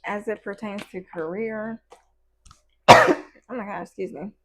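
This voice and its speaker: A woman's voice: mid-range voice, takes it slowly, slight background noise. A woman giving a casual tarot reading in a chatty, playful way, full of slang and asides. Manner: acts out little quoted voices in between. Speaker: tarot card reader.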